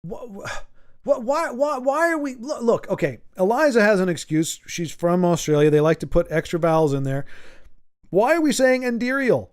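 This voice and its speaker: A man hosting a livestream and chatting casually with his viewers. He rambles, often stumbles and restarts, and pokes fun at himself. His voice sits a bit on the high side for a man. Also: normal speed. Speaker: livestream host.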